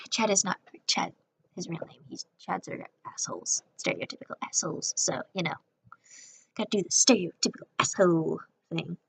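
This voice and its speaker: A woman's voice: on the low side, animated, normal speed, gravelly, a bit bright, slight background noise. A young woman casually telling a rambling storytime, sarcastic, often acting out quotes in a raised voice. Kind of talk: casual storytime over a speedpaint.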